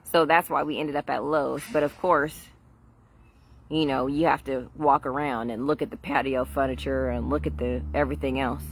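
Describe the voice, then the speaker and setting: A woman's voice: very deep voice, steady tone, normal speed, a little hiss or hum. A middle-aged woman chatting casually on a garden livestream, rambling and laughing often, recorded outdoors on a phone.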